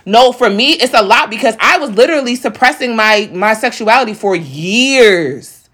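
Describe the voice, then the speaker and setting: A woman's voice: a little high, lively intonation, moderate pace, fairly bright tone. Woman, 30, casual chat, blunt, swears freely, emphatic delivery.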